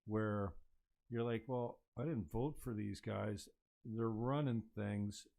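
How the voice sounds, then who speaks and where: A man's voice: lowish voice, fairly even intonation, slow pace, creaky, warm tone. A man hosting a casual political chat, blunt, opinionated and rambling.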